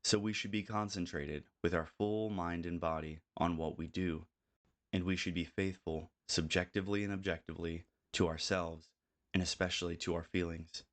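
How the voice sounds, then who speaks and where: An older man giving a calm, measured audiobook reading. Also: sits low. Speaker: audiobook narrator. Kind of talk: scripted narration.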